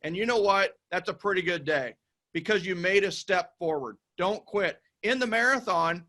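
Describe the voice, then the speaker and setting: A man's voice: sits high, normal speed, sharp tone. A man appearing as a guest, talking in an upbeat, encouraging way and checking in with asides. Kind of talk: motivational conversation.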